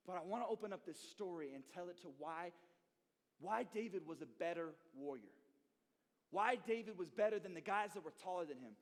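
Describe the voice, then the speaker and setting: A young man preaching to a youth group, telling a story with lively, slangy energy. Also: high-pitched, a little fast, big-room sound. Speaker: youth pastor. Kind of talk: sermon to youth.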